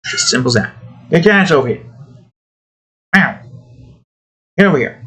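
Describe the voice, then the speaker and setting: A man's voice: on the high side, huge pitch swings, moderate pace, a bit bright, husky. A man talking casually to himself while drawing digital art, muttering about his work and snapping at his cat. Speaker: artist drawing on stream.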